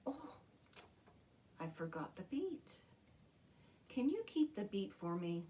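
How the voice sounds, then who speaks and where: A woman teaching a children's music and movement lesson in a gentle, encouraging way. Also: medium pitch, very animated, distant mic, slight background noise. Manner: slow, gentle, encouraging, talks to young children.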